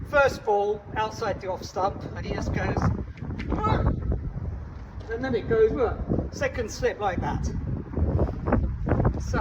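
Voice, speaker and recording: A man from Italy chatting casually about cricket outdoors on a windy day, rambling and self-deprecating as he demonstrates shots. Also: high-pitched. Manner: chatty, self-deprecating, trailing off mid-sentence. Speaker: cricket vlogger. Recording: distant mic, dull sound, wind and traffic noise.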